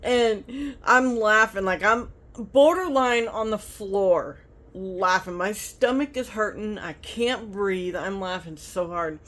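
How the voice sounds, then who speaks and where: A woman's voice: medium pitch, slow pace, a bit bright. A woman telling rambling stories in a casual vlog, talking into her phone. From United States. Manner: chatty, rambling. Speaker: vlogger.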